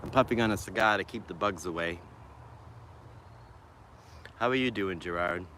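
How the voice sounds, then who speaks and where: A man's voice: low-pitched, moderate pace, bright, forceful tone, slight background noise. A man from Boston with a Boston accent, chatting casually on a livestream from a small wooded spot in the city, rambling and greeting viewers by name. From Boston, USA. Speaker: vlogger livestreaming. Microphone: phone on a selfie stick.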